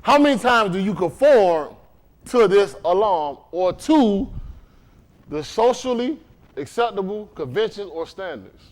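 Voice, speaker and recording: Preaching in a congregation room, this Dade County, Florida man keeps things relaxed and conversational, often asking his listeners questions. His voice sits high and sounds animated but unhurried.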